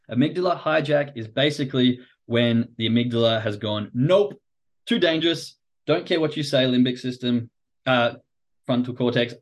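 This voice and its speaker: A man hosting a livestream, explaining trading psychology in casual, animated talk, acting out quoted reactions and swearing casually. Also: mid-range voice. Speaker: podcast host and trading coach.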